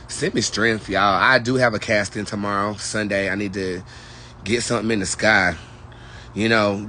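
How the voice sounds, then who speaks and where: A man's voice: fairly low pitch, pushed and bright, a little hiss or hum. A man who reads tarot, chatting with viewers in a sassy, profane, rambling way. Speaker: tarot reader. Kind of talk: casual livestream chat with viewers.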